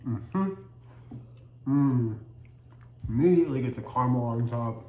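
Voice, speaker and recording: A man's voice: mid-range voice, animated, measured pace, dark tone, dull audio. A man hosting a casual cookie-tasting vlog, upbeat and chatty as he talks while chewing. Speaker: cookie reviewer, channel host. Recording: echoey room, faint background noise.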